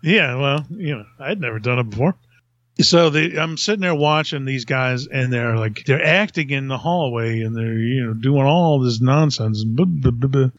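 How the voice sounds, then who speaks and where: A middle-aged man hosts a podcast, speaking at medium pitch and normal speed as he rambles through a story, mocking himself and laughing along. The recording is dry and sounds dull.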